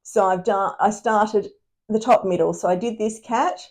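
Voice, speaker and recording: A woman's voice: medium pitch, moderate pace, darkish tone. A woman co-hosting a cross stitch video, chatting casually and laughing often. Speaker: co-host of a cross stitch channel. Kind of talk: casual chat.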